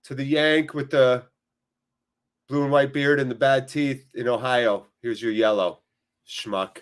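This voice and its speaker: A man's voice: medium pitch, fairly even intonation, unhurried, clear, resonant tone, close to an everyday voice. A man doing a scornful grumpy referee. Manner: scornful, mocking address. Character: grumpy petty male football referee.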